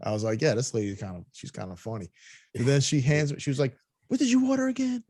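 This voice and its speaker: Quick-paced, low-pitched, and darkish in tone, with no room sound, a male podcast co-host recounts a casual story. He's profane and laughs a lot, acting out the voices of those involved.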